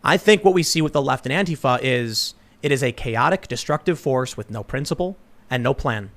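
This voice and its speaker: A man hosting a casual panel discussion, telling stories in an animated way and often restarting his sentences. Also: mid-range voice, a little fast. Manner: animated storytelling with repeated restarts. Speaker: host.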